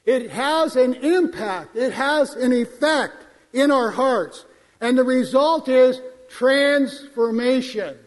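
A man with a strikingly high voice preaches a sermon at an unhurried pace, stressing key words as he quotes scripture. His voice rings out with a long reverb from the church sanctuary. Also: expressive. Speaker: pastor.

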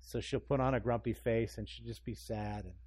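Male pastor delivering a lively sermon, mid-range voice, swells in volume for emphasis and plays the characters he quotes. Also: medium pitch, brisk, breathy edge. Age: adult parent. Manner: animated, acts out scripture voices, rising emphasis.

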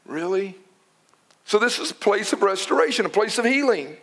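A male pastor delivering a sermon with a high, animated voice that swoops widely. He preaches dramatically and drops to hushed whispers to stress a point. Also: normal speed. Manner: dramatic, dropping to whispers for emphasis.

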